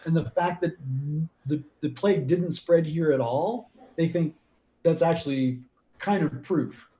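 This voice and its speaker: A man narrating a tabletop role-playing game as game master, telling the action in a loose, animated way with many fillers. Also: on the high side, a little slow. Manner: animated, filler-heavy storytelling.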